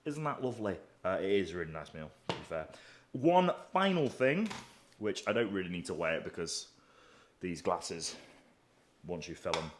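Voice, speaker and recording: Making food for his fitness vlog, a man in his thirties keeps up a chatty, profane, offhand commentary as a bodybuilding vlogger. He has a low-sitting, very animated voice at normal speed, with slight background noise.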